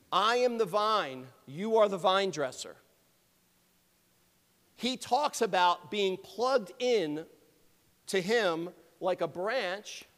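A man preaching a sermon, earnest and emphatic, asking the congregation rhetorical questions and often clearing his throat. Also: high voice, a bit bright. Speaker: pastor. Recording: long reverb of a large hall.

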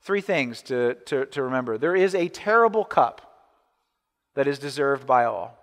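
A man's voice: mid-range voice, expressive, moderate pace. A man preaching a sermon as pastor, first reading scripture, then talking casually with restarts and asides. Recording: echoey church hall.

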